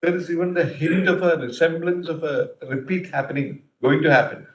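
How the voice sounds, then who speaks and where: A judge in a large courtroom questions counsel from the bench, probing and thinking aloud with many fillers. His voice sits on the high side and moves a little fast, with roomy courtroom echo around it.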